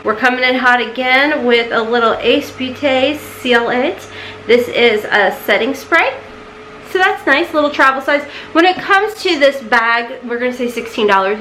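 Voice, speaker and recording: Woman, thirties, casual beauty unboxing chat, distracted, slightly high voice, faint background hiss. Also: a bit bright, rough recording. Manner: chatty, easily distracted, coos at her cat in a high voice. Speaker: beauty vlogger.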